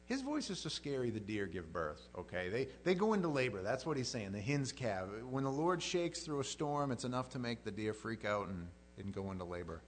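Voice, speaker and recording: A man preaching a sermon as pastor, conversational and animated, swinging between loud outbursts and quiet prayer. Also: mid-range voice, a little fast, hardly any pauses, slight background noise.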